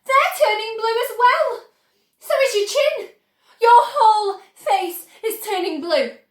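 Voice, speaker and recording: A woman's voice: extremely high pitch, lively intonation, slow pace, echoey room, pitched above the performer's own voice, exaggerated voice. A woman voicing a panicked mother who screams frantically. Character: shrieking panicked middle-aged mother.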